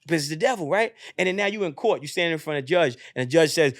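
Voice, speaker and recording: A young adult man, a podcast guest, telling a profane, animated motivational story in casual chat and acting out the voices in it. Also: fairly high pitch, rapid-fire, hardly any pauses, no echo, clean studio sound. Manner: profane, animated, acts out voices in his stories.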